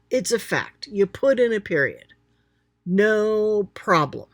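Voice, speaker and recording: A woman's voice: medium pitch, very animated, slow pace, no room sound, studio quality. A woman explaining a grammar lesson as a writing teacher, chatty and thinking aloud while pointing at examples.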